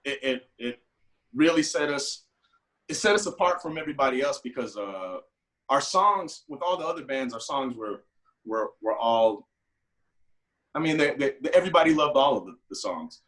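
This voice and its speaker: A man, a guest musician, telling a story in casual talk and acting out the people he quotes with big jumps in pitch. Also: animated, normal speed, fairly bright tone.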